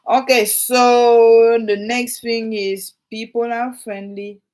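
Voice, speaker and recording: A woman in her thirties with a French accent, talking straight to her viewers in a casual vlog. She is emphatic and animated, repeating her points and asking the audience questions over and over. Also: fairly high pitch, takes it slowly. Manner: animated, repetitive, emphatic, addresses viewers directly. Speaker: realtor. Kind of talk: casual vlog talk to camera.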